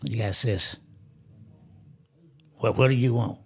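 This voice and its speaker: Gravelly old man telling a story. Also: medium pitch, takes it slowly. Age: 80s. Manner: animated, laughs through his story, acts out the quotes. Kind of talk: casual storytelling.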